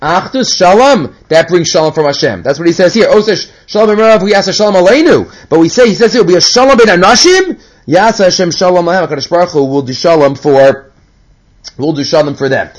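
Guy with a high voice teaching torah, chatty, drops hebrew quotes in. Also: animated, brisk, poor audio. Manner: conversational, mixes Hebrew quotes into English, acts out characters. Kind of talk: casual Torah class.

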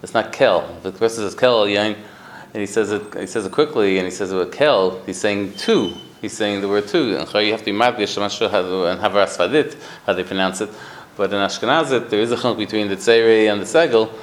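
A man, speaking, teaches a Torah class to a study group, talking haltingly with many restarts and Yiddish-Hebrew terms. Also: lowish voice, rough recording. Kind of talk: Talmudic lecture to a study group.

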